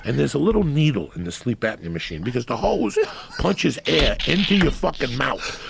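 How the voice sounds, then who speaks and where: A man in his fifties telling a loud, profane story in casual conversation, often breaking into laughter. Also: mid-range voice, sing-song, moderate pace, gravelly, background noise. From New Jersey. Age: 50s. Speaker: comedian guest.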